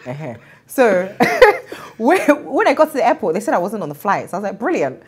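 Woman in her thirties, interview guest; lively, laughs easily, plays out what others said. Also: mid-range voice, normal speed, slightly rough. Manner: animated, laughs often, acts out quoted voices. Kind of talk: emotional interview storytelling.

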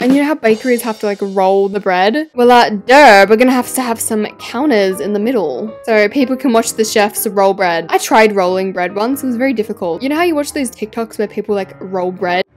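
A woman chatting casually and playfully as she narrates her game build. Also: mid-range voice. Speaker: gaming YouTuber. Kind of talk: casual gameplay commentary. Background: faint background music.

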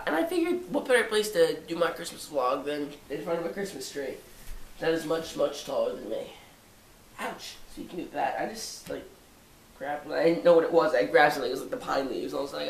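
A man's voice: a little high, vocal fry, a bit bright, reverberant, distant mic, a little hiss or hum. A seventeen-year-old boy with a stuffy nose, vlogging casually at home, rambling with jokey self-mocking asides. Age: 17, teenager. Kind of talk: casual holiday vlog. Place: living room by a tall Christmas tree.

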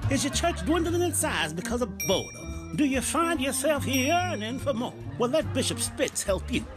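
A man voicing an announcer in a comedic parody infomercial with a loud hard-sell pitch. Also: big pitch swings, normal speed. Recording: announcer over loud music and audience laughter.

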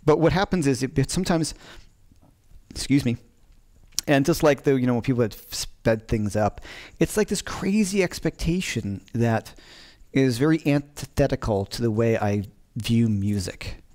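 A man's voice: mid-range voice, animated, normal speed, a little mellow. Middle-aged man, guitar teacher on a home livestream, chatty and rambling, often restarting his sentences. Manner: rambling, self-interrupting, chatty. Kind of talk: casual livestream talk. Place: home during lockdown.

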